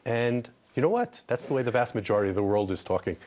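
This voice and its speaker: A man from Israel speaks as an ambassador in a television interview, with a voice of middling pitch. He answers earnestly and repeats words as he presses his case. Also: animated, quick pace, darkish tone. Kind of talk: TV news interview.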